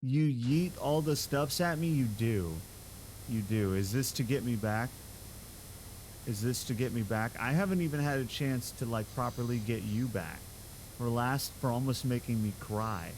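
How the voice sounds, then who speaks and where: A man's voice: mid-range voice, normal speed, darkish tone, slight background noise. A man live streaming, chatting casually with his viewers in a playful, giggly way and laughing often.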